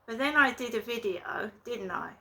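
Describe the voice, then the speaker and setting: Woman, home vlog, rambling, indignant, bright tone, faint background noise. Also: a little high, expressive, normal speed. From England. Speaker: vlogger. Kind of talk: casual vlog talk to camera. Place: her flat, indoors.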